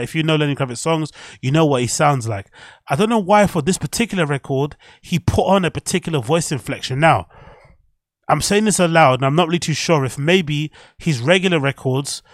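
A young man hosts a casual podcast, rambling with strong opinions, swearing, and laughing at his own jokes. His voice is a little high, recorded with clean studio sound and no echo.

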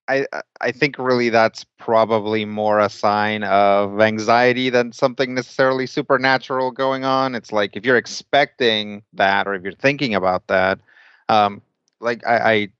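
Man, podcast co-host, smooth low voice, hesitant, dry dull lo-fi audio. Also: a bit bright, dry recording. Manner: hesitant, repeats words before making his point. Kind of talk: casual chat.

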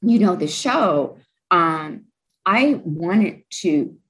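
A woman's voice: fairly low pitch, lively intonation, drawn-out words, rough recording. A young adult woman, a guest in an interview, telling a personal story candidly and with feeling. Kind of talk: interview conversation.

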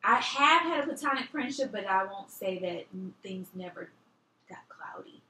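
A woman in her thirties from Detroit co-hosting a podcast, speaking in a soft, low-key, sultry phone voice. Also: animated, normal speed, roomy sound, slight background noise, low-quality recording. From Detroit, USA. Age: 30s. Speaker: podcast co-host. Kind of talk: casual chat.

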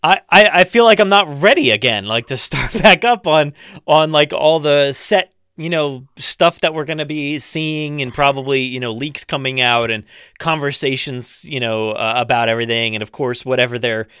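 A man's voice: medium pitch, moderate pace, pushed and bright, clear, resonant tone, no room sound, clean studio sound. A man hosting a podcast in a casual, upbeat way, rambling with lots of fillers. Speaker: podcast host.

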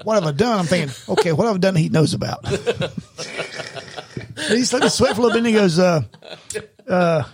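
A man's voice: sits high, moderate pace, long pauses, husky, no room sound. A middle-aged man, a retired police sergeant, telling stories in casual podcast chat, acting out quotes and laughing often. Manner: animated storyteller, acts out quotes, laughs often.

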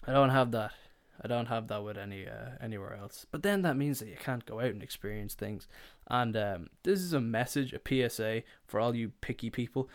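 A man's voice: medium pitch, fairly quick. Sweary young man telling stories. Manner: rambling, sweary, animated with put-on voices. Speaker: podcast host. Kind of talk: casual comedic storytelling.

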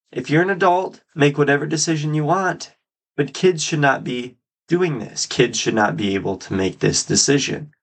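A man hosting his own podcast, giving solo political commentary with emphatic, drawn-out stresses on key words. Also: on the high side. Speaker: podcast host.

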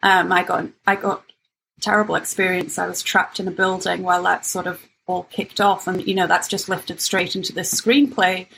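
Woman guest, playwright type, a little gravelly, open and self-mocking, light hiss behind. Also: on the low side, level tone, normal speed, fairly bright tone, low-quality recording. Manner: candid, self-deprecating, laughs easily. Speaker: writer and actor, guest. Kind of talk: conversational interview.

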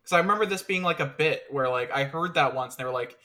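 A man chats on a podcast panel and thinks out loud as he guesses. His voice sounds bright and forward. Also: fairly high pitch, quick pace. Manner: chatty, thinks aloud. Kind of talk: casual chat.

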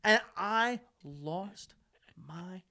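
A young man in his twenties co-hosting a podcast, telling crude stories in a casual, animated way and acting out quotes loudly. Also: high voice, drawn-out words. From United States. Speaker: podcast co-host. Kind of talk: casual storytelling chat.

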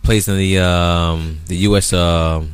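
A man's voice: deep voice, fairly even intonation, slow, clean tone, no echo. Laid-back man hosting a podcast. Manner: laid-back, loose, many fillers. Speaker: podcast host. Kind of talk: casual podcast chat.

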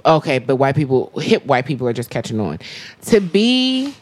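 A woman in her thirties co-hosting a podcast in an easy, casual chat. She talks in an animated, emphatic way, with a very low voice. She swears freely. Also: normal speed. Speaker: podcast co-host.

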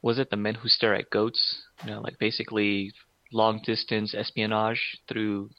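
A man's voice: fairly low pitch, completely flat delivery, normal speed, dry recording. Rambling man, dull lo-fi recording. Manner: rambling, enthusiastic, many fillers. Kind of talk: casual chat.

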